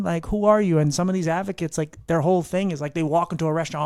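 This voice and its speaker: A man's voice: fairly high pitch, steady tone, racing, few pauses, darkish tone, smooth, no echo. Blunt, cursing young man, dry close sound. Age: young adult. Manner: blunt, swears freely, acts out other people's lines. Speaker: podcast guest. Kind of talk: casual chat.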